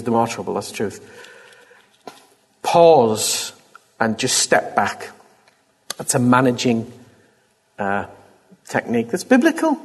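A man's voice: medium pitch, slightly rough. A man preaching a sermon, exhorting his listeners with fervent repetition. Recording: long reverb of a large hall.

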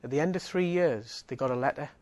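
A man's voice: mid-range voice, fast, a little mellow. A man giving a sermon, earnest and emphatic, driving points home with repeated phrases. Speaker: preacher.

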